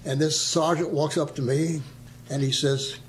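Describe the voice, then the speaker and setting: An older veteran, being interviewed, casually reminisces about his past, chuckling and voicing the people in his stories. His voice is on the high side with little pitch movement and a moderate pace, and a little hiss or hum sits under it.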